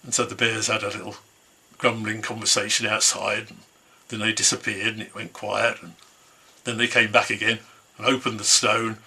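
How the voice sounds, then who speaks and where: Brief: male storyteller, bright, husky, relaxed folk-tale telling. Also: mid-range voice. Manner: easygoing, conversational telling. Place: home, online concert.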